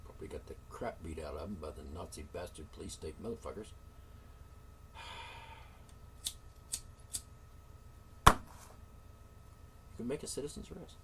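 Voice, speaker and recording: A man's voice: low-pitched, big pitch swings, slow pace, long pauses, far from the mic, heavy background noise. Indignant, profane man ranting on his show. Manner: indignant, profane, with sighs and sarcastic asides. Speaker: show host. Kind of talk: solo talk show rant.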